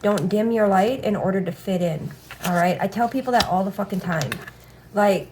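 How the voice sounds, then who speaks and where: A woman's voice: medium pitch, moderate pace, darkish tone. Woman, tarot reader, casual, blunt, cusses a lot, keeps saying all right, faint background hiss. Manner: blunt, swears freely, repeats "all right".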